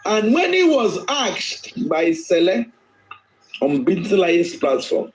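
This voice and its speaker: A man's voice: high-pitched, very animated, slow pace, a little hiss or hum, rough recording. A man speaking emphatically on a live stream, repeating phrases, his voice swinging sharply up and down. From Nigeria. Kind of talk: impassioned live-stream talk.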